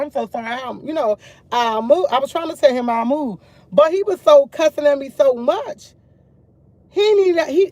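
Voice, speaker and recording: A young woman vlogging to her viewers, retelling a run-in in an animated, emphatic way with slang and swearing. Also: high voice, no room sound, highs cut off. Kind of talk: casual storytelling chat.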